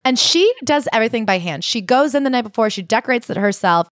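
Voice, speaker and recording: A woman co-hosting a podcast, chatting casually as she retells a memoir with animated asides. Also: fairly high pitch, fast talker, dry recording, studio quality. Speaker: podcast co-host.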